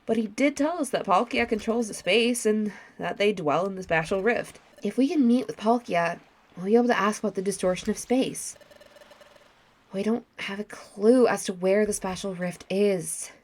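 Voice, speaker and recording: A woman voicing an earnest, determined young explorer creature in a steady tone. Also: mid-range voice, normal speed, natural voice.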